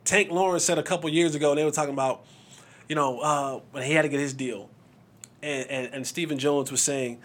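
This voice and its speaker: A man's voice: on the high side, a little fast, fairly bright tone. A man hosting a podcast, giving passionate sports commentary in a casual rant, often restarting his words. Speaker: podcast host.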